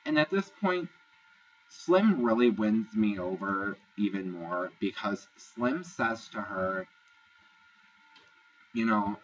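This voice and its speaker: A man's voice: lowish voice, unhurried, far from the mic, dull audio, slight background noise. A man casually recapping a reality show episode, chatty, gossipy and profane. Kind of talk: casual review vlog.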